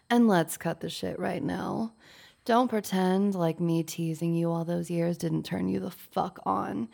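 A woman's voice: on the low side, fairly even intonation, slow pace, vocal fry, darkish tone, exaggerated voice. A young woman voicing a domineering, teasing woman boss in an intimate audio role-play, with a mocking, bossy way of talking.

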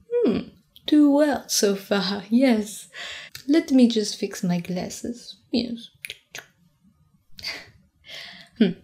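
A woman in a whispered role-play voicing a playful young French woman who teaches a friend French, with a French accent, soft and teasing. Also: medium pitch. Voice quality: soft, mostly whispered voice, giggly. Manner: gentle, teasing, chatty.

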